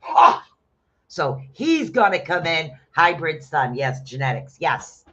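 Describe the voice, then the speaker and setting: A man giving casual rune readings on a live stream, chatting with viewers and bursting into loud exclamations. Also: on the high side, sing-song, a little slow. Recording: dull lo-fi stream audio.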